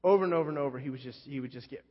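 A man's voice: medium pitch, very fast. Man preaching in a reverberant hall. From California Central Coast. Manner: conversational, self-deprecating anecdote with many fillers. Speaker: pastor. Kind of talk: sermon storytelling. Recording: muffled sound with long hall reverb.

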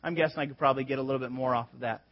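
A man's voice: mid-range voice, steady tone, rapid-fire. A man in his thirties preaching a sermon, telling a personal story in a conversational way with quoted asides. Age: 30s. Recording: slightly dull lo-fi sound.

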